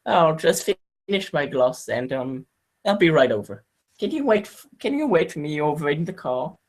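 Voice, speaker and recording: Brief: man putting on a sweet, coy little-girl vampire for a tabletop game, voice pushed up high. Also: sing-song, normal speed. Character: girlish female vampire who looks like a child. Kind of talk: tabletop role-play in character.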